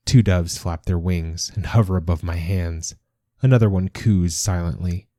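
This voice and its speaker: A man narrates a short story in a calm, measured way. His voice sits very low and sounds dark and mellow. The recording is dry and close, with no room sound. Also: no room sound. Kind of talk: scripted narration.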